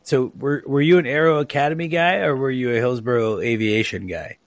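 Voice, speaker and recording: A man hosting a relaxed podcast conversation. He wanders through stories with lots of "uh" and "you know". His voice sits at a middle pitch and is recorded dry and close over a remote call. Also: fairly quick, no echo. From Oregon, USA. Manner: chatty, rambling with many fillers. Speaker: podcast host. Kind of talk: casual podcast chat. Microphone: own mic on a remote call.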